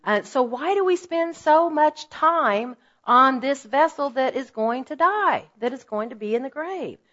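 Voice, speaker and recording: A woman in her fifties gives an earnest teaching talk to a room of women. She tells stories with lively asides and often pushes her voice up for emphasis. The audio is slightly dull and muffled. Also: high-pitched, unhurried. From Oklahoma. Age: 50s. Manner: earnest, animated storytelling with asides. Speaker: women's ministry speaker.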